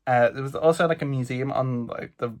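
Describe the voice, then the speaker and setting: A man from England with a British accent, recapping his solo trip in a chatty, animated vlog with a slightly stuffy nose. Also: mid-range voice, a little fast. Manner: chatty, animated storytelling with lots of "like". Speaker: vlogger. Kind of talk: casual travel vlog recap.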